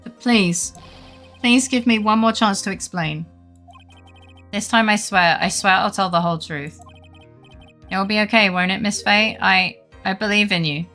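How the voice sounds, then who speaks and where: A woman's voice: medium pitch, normal speed, long pauses, sharp tone. A woman voicing a nervous young male college student on trial, reading his lines in an earnest, pleading way over faint game music.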